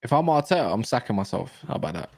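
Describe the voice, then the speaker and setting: A man's voice: lowish voice, sing-song, very fast, gravelly, no room sound, studio quality. A man co-hosting a casual football chat, blunt and opinionated with plenty of slang. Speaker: co-host.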